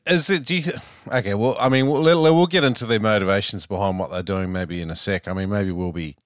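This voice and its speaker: A man's voice: on the low side, fairly quick, no room sound. A man hosting a podcast interview, talking in a loose, earnest, conversational way. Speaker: podcast host. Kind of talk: casual interview chat.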